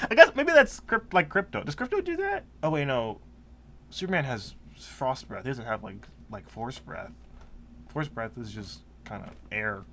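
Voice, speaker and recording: A man narrates his playthrough in a jokey, rambling way, quick to laugh. His voice is bright and swings widely in pitch. Faint game music plays behind him. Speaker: gameplay commentator. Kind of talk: let's play commentary.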